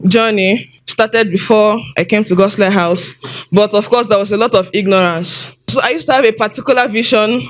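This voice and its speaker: A woman with a Nigerian English accent giving an animated, expressive personal testimony, often repeating herself as she tells her story. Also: medium pitch. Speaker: testimony speaker.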